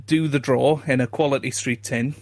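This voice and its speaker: A man co-hosting a comedy podcast in a casual chat, self-deprecating and quick to laugh, with frequent stammering restarts. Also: mid-range voice, fairly even intonation, no room sound. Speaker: podcast co-host.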